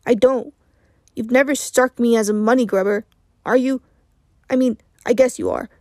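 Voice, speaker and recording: A woman's voice: a little high, moderate pace, mellow, no echo, studio quality, close to an everyday voice. A woman voicing an older man, an earnest and disappointed mentor who presses with questions, in an audiobook reading.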